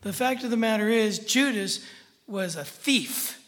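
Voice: mid-range voice, lively intonation, a little slow, a bit bright. A preacher teaching through a Bible passage in a conversational, emphatic way, often checking in with the listeners. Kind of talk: sermon, verse-by-verse Bible teaching. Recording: long hall reverb.

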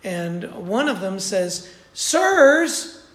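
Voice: mid-range voice, a little slow, fairly bright tone. A preacher giving a sermon in a conversational way, repeating points for emphasis. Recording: roomy echo.

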